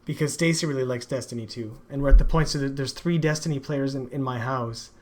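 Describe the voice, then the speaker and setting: A man's voice: medium pitch, quick pace. A man, a father, hosting a stream and ranting emphatically about food with lots of swearing. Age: adult father. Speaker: streamer, show host. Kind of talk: casual profane chat.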